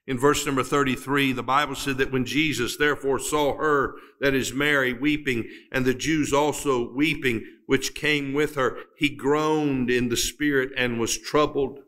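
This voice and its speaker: A man preaching a sermon who pauses dramatically, builds to emphatic climaxes and reads scripture in old-fashioned wording. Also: medium pitch, steady tone, fairly bright tone.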